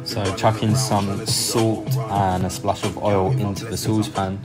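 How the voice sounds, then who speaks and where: A man's voice: fairly low pitch, level tone, measured pace. A young man narrating a home cooking video in a casual, joking way, with sardonic asides and easy laughs. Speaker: cooking vlogger. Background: background music.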